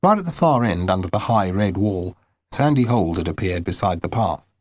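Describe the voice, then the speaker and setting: A man narrating an audiobook in the first person, in a low, subdued storytelling manner. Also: animated, fairly quick, darkish tone.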